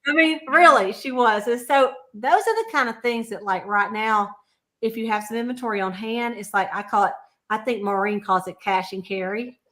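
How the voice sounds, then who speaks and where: A woman's voice: on the high side, moderate pace, pushed and bright. A woman chatting casually on a video call, telling customer stories and laughing often. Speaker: sales consultant. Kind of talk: casual livestream chat.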